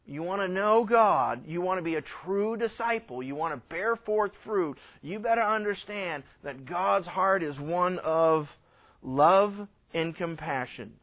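A man preaching a sermon as a pastor, earnest and emphatic, sometimes dropping to a hush. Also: sits high, animated, a little slow, dull audio.

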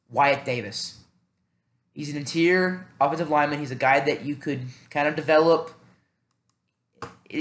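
A man talks through a casual solo podcast, rambling and thinking out loud, full of fillers and self-mocking asides. His voice sits a bit high, and the room rings with echo. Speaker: podcast host.

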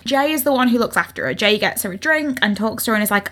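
A young woman co-hosting a casual book-club podcast, swearing freely and acting out the characters in quick, animated voices. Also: on the high side. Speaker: podcast co-host.

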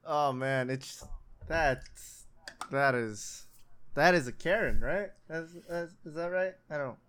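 A man's voice: on the high side, slow, fairly bright tone, clean tone. A man in casual conversation, reacting wryly and in a laid-back way. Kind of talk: casual chat.

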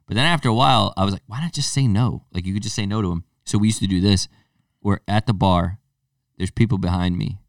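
A man's voice: sits low, fast talker, vocal fry, no echo, clean studio sound, distant mic. A man co-hosting a podcast, chatting casually and acting out the people in his stories. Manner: animated storyteller acting out voices. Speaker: podcast co-host. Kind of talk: casual chat.

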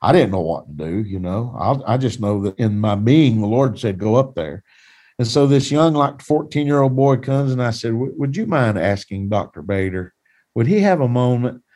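Male pastor, folksy, earnest testimony, mid-pitched voice. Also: lively intonation, moderate pace, mellow. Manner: plain-spoken, folksy, earnest. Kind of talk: personal testimony storytelling.

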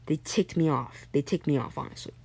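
A young storyteller improvising a story episode, halting, with frequent restarts and self-corrections. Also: mid-range voice, vocal fry, darkish tone, husky.

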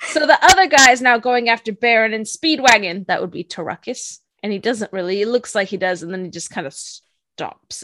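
Woman, podcast co-host, wry recap, somewhat high voice, dry close mic. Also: a bit bright, dry recording. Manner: wry, recapping an episode with laughs. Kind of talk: casual chat. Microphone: home microphone.

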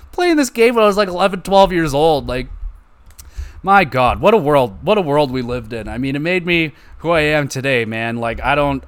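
A young adult man hosting a solo gaming podcast, talking in an excitable, profane, rambling way. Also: fairly high pitch, clean tone. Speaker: podcast host. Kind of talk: casual solo podcast chat.

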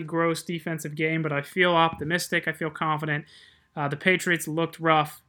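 A man co-hosting a casual sports chat, measured and quick to laugh. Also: high voice, pushed and bright. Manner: measured, chatty, laughs easily. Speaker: podcast co-host.

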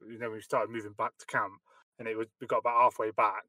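A man's voice: lowish voice, level tone, quick pace, sharp tone, no echo. A man, an ex-soldier, telling army stories with many fillers and swearing. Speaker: podcast guest, army veteran. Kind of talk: casual swearing banter, war stories.

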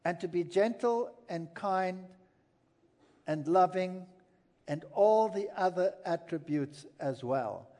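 A man's voice: sits high, lively intonation, slow, dark tone. A man preaching a sermon to an audience, earnest and emphatic, telling stories between points. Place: large hall with an audience. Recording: long hall reverb.

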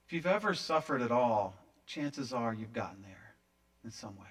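A man preaching a sermon, with dramatic swings in loudness. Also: mid-range voice, lively intonation, normal speed, recorded from a distance. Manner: dramatic, acting out quoted voices with big swings in loudness. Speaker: pastor.

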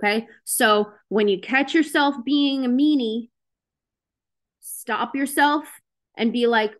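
On a video call with her group, a woman running a self-help session delivers a laid-back motivational talk slowly, in a voice on the high side. She speaks openly and conversationally, filling gaps with plenty of fillers.

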